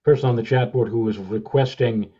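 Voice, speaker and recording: A man co-hosting a weather podcast, explaining a space image step by step in a measured way. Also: mid-range voice, fairly even intonation, warm tone, husky, highs cut off. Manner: measured, explanatory, with many uh fillers. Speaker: podcast co-host, meteorologist.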